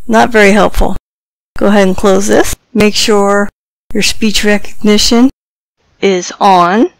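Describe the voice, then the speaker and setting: A woman presenting a software tutorial, dictating voice commands in a clipped, deliberate way into a headset microphone. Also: mid-range voice, gravelly, clean tone, no echo, low-quality recording.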